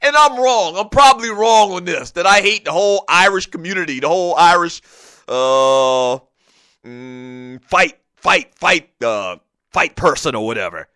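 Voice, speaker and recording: On a laid-back sports talk show, the host rambles through animated stories with frequent tangents. His high-for-a-man, forward voice moves at an unhurried pace, captured cleanly, dry and close with no room sound.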